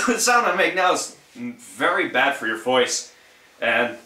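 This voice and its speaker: A man's voice: medium pitch, sing-song, slow pace, long pauses, bright, forceful tone. A young man with a Dutch accent, a native Dutch speaker giving a rambling, profane, laid-back vocal tutorial in English. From Netherlands. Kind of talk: casual how-to talk. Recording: echoey room, mic at a distance.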